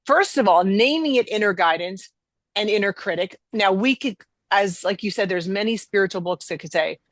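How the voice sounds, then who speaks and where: A woman's voice: mid-range voice, lively intonation, normal speed, no room sound. A middle-aged woman hosting a podcast, talking emphatically in a conversational teaching style and acting out quoted voices. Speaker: podcast host.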